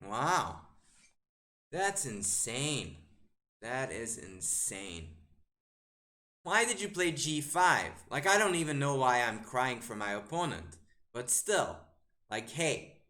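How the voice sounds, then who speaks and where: Lively bright-voiced man analyzing chess. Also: medium pitch, slow pace, long pauses. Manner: animated, fires exasperated rhetorical questions at the board; muttering move lines to himself. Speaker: chess grandmaster streamer. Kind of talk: live chess game commentary.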